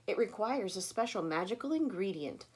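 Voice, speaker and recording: A woman's voice: medium pitch, animated, moderate pace, a little mellow, slightly rough. A woman voicing two traveling male cooks who boast grandly about their magical soup in a storybook reading. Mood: boastful. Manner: grand, theatrical announcing.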